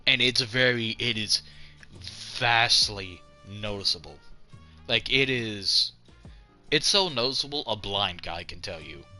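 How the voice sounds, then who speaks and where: Profane, rambling man with a sharp voice. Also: on the low side, animated, slow pace, soft background music. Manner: rambling and profane, frequent restarts. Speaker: gamer playing and commenting. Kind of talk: casual let's-play commentary, reading game text aloud.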